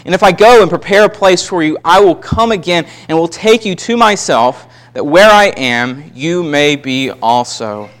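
A man's voice: a little high, animated, moderate pace, few pauses, a bit bright. A man preaching a sermon, reading scripture aloud and stressing key words with emphasis.

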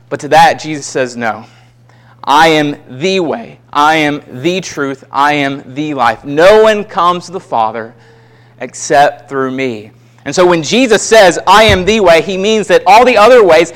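A man preaching a sermon in a fairly high voice. He reads scripture slowly and leans hard on key words. His delivery is emphatic and earnest. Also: a bit bright.

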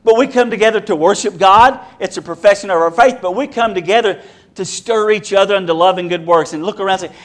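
A man's voice: sits high, fast, fairly bright tone. A man preaching a sermon to a congregation, earnest and repetitive, building his point through rhetorical questions.

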